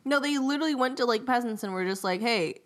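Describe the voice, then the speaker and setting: A woman co-hosting a podcast in casual chat, animated and laughing, with quick asides and swearing. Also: high voice. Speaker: podcast co-host.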